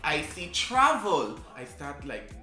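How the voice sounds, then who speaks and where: A man's voice: a little high, slow. A young man telling a funny personal story in a vlog, acting out every quote as he goes. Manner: lively storyteller who acts out every quote. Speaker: vlogger. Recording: roomy sound with music behind.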